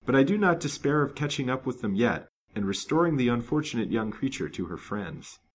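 A man's voice: medium pitch, very animated, a little fast, slight background noise, voice pushed up, close to an everyday voice. A man reading the part of a resolute, gallant detective in a storybook, grave and determined. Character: determined, gallant male detective, kind but stern.

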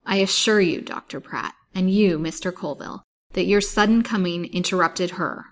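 Woman reading proud young lady, imperious and scornful, a bit higher than the narration. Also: moderate pace, natural voice. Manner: imperious and cutting.

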